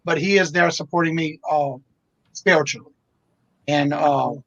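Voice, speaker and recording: A man from Louisiana talks in an easygoing, rambling way, often repeating words as he goes. His voice sits a bit high, and the audio is muffled and very dry. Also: steady tone, moderate pace, gravelly, no room sound. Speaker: reseller and show host. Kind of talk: casual livestream chat.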